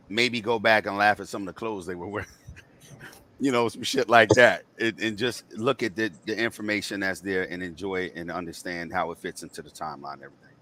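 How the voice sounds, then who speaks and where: A man's voice: fairly low pitch, pushed and bright. A man in his fifties with a nasal voice, hosting a casual talk stream and rambling through memories with frequent restarts. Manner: rambling, self-correcting, laughs often. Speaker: podcast host. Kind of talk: casual chat.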